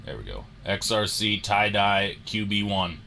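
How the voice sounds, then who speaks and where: Unhurried bright-voiced male show host. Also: lowish voice, vocal fry, slight background noise. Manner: animated storyteller, re-enacts moments. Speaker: host of a sports card show. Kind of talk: casual storytelling on a livestream.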